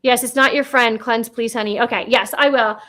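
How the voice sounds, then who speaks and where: A woman's voice: fairly high pitch, fairly even intonation, a little fast, a bit bright. A woman from Nova Scotia with a Canadian accent, chatting casually as a guest on a paranormal livestream, rambling with lots of fillers.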